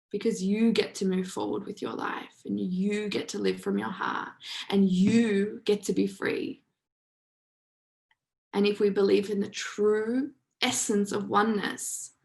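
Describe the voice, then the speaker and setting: A woman's voice: medium pitch, creaky, poor audio. A woman hosting a live online session, telling stories in an emphatic, casual way with some swearing. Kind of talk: motivational storytelling talk.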